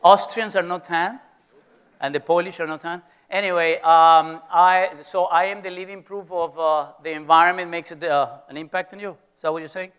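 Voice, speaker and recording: A man's voice: a little high, fairly even intonation, normal speed, fairly bright tone, clean tone. A middle-aged man with a Venezuelan Spanish accent, a business school professor giving a playful, teasing lecture to students in an auditorium.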